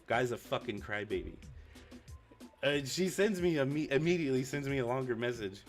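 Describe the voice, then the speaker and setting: A young man streaming, ranting casually and with plenty of swearing about a whiny coworker, often raising his pitch when he quotes people. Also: lively intonation, moderate pace, faint music behind. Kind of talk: casual venting story.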